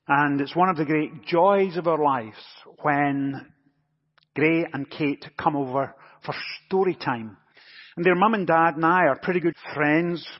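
A man preaching a sermon as pastor, telling a light, gently humorous story before moving into scripture. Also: on the high side. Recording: dull recording with long church reverb.

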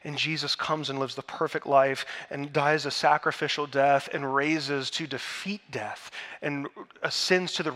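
A man preaches a sermon in a church. His voice sits a little high for a man and rings with a bright, forceful edge. He presses hard on key phrases, then falls back to a near hush. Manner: earnest, builds to emphatic peaks then drops to hushed tones. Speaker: pastor. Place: church sanctuary.

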